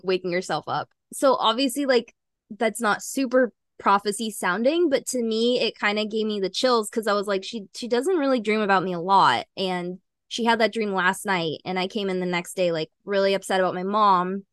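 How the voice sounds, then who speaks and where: A woman's voice: mid-range voice, normal speed, fairly bright tone, no room sound. A young woman podcast host telling a personal story in casual chat, rambling with lots of fillers and little laughs.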